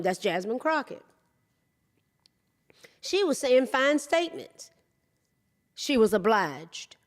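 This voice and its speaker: A middle-aged woman with a high-pitched voice hosts a podcast, speaking slowly and deliberately. She delivers an emphatic opinion monologue, repeating her points for weight and calling out to the listeners directly. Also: big pitch swings. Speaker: podcast host.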